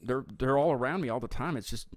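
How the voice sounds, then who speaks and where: A man's voice: medium pitch, quick pace, dry recording, clean studio sound. A man with a Southern US accent hosting a casual live-stream interview, rambling and stammering over repeated words. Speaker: host of a live music show.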